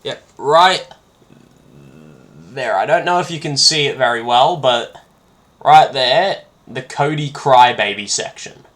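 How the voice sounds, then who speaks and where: A man hosting a casual solo podcast, rambling excitedly with lots of filler words. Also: mid-range voice, takes it slowly, long pauses. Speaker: podcast host.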